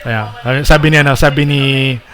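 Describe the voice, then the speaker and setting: A man with a Filipino accent narrating as dungeon master, halting with many fillers and restarts. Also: mid-range voice, a crowd in the background. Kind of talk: narrating a tabletop game, mixing English and Filipino.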